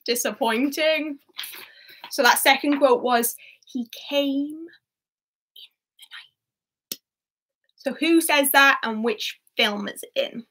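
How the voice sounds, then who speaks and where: Young woman running a quiz, high bright voice, chatty, laughs a lot. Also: slow, long pauses. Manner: chatty, giggly, reads scores aloud. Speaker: quiz host. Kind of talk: hosting an online quiz.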